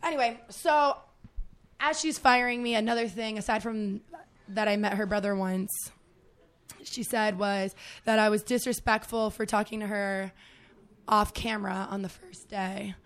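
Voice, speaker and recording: A woman's voice: mid-range voice, steady tone, normal speed, a bit bright. A woman guesting on a podcast, telling a story in casual chat, swearing freely and laughing along.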